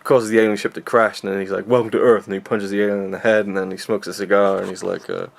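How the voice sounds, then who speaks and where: Low gravelly young man. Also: flat delivery, quick pace. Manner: rambling, self-deprecating, lots of fillers. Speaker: film reviewer. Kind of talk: casual film review chat.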